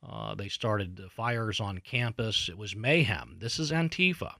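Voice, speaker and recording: A man's voice: lowish voice, expressive, measured pace, vocal fry, sharp tone, dry recording, studio quality. A man hosting a political talk show, giving an indignant, emphatic commentary monologue with frequent fillers and restarts.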